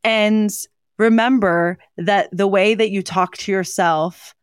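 A woman's voice: mid-range voice, steady tone, takes it slowly, clean tone, no echo. A woman co-hosting a podcast, speaking in an earnest, conversational way with frequent ums and you-knows. Her voice sits in a middle register and is recorded close and dry, with no room sound. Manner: warm, earnest, with frequent fillers. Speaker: podcast co-host. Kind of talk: casual chat on hope and mental health.

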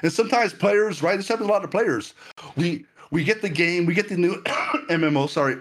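A man's voice: sits high, fairly quick. A man preaching a sermon to a livestream audience, earnest and full of stammered repetitions.

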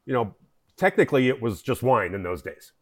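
A man guest on a podcast, speaking at a middling pitch. He explains at length in a loose, rambling way, restarting sentences and filling pauses as he goes. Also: animated. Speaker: wine importer, guest. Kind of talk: conversational interview.

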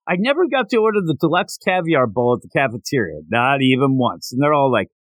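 A man hosting a podcast, casually recapping a manga chapter and acting out the characters' lines in quick voices. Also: medium pitch, sing-song, no room sound. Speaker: podcast host.

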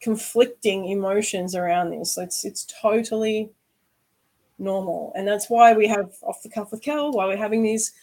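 A woman's voice: medium pitch, normal speed, darkish tone, rough recording. A woman hosting a candid conversation, earnest and reflective, often asking "right?". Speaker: host.

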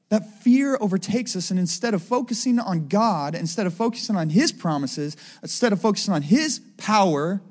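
High-voiced man preaching conversationally. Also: a little mellow. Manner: conversational preaching, asks the crowd "right?" often. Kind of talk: sermon.

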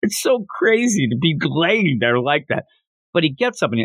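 An animated man hosts a podcast and retells a manga chapter with enthusiasm. His voice sits a little high and swings widely in pitch. The recording is dry, with no room sound. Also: moderate pace, no echo. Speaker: podcast host. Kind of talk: casual manga recap.

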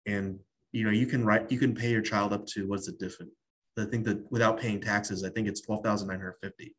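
Husky-voiced man talking loosely about tax. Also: fairly low pitch, steady tone, fairly quick. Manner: loose storytelling with many fillers. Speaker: guest tax strategist. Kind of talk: casual interview talk.

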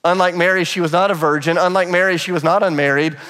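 Higher-voiced man preaching in a reverberant church. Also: fast talker, smooth. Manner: animated storytelling, briefly acting out quoted voices. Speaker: pastor. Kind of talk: sermon. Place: church sanctuary.

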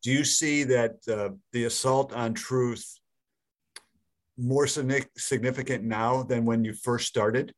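A man's voice: mid-range voice, steady tone, measured pace. A man interviewing a guest, asking brief questions and affirming her answers.

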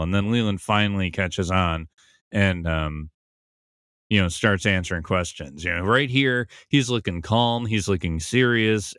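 Low-voiced man talking through an episode. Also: fairly bright tone, clear, resonant tone, dry recording, clean studio sound. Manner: thoughtful, conversational, thinking aloud. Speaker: podcast host. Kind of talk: casual episode recap and analysis.

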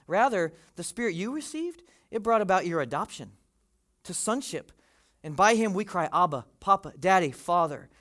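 A man in his forties preaching a sermon in a conversational, animated way, acting out the voices he quotes. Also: high voice. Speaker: pastor.

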